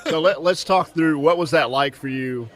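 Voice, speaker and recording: A man co-hosting an interview, telling an animated story with frequent laughter. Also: on the high side, moderate pace. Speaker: co-host. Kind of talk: casual interview chat.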